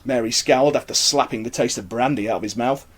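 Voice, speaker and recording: A man reading his own horror-comedy story aloud in an expressive, wry manner. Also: mid-range voice, fast.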